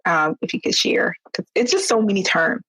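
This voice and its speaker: Female interviewer, supportive, low-pitched, dry close recording. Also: expressive, normal speed, fairly bright tone, slightly rough, no echo, low-quality recording. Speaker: podcast host. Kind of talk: podcast interview.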